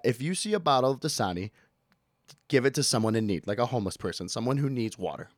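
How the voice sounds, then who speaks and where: A man with a mid-range voice hosts a casual solo podcast, ranting and joking about everyday annoyances. He's animated and quick to yell out bits, and the studio recording is clean, with no echo.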